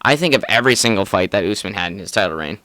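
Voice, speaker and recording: A young man co-hosting a podcast, chatting about fights in an excitable, profane way with frequent laughs. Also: on the low side, racing, dry recording. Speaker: podcast co-host. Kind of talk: casual sports chat.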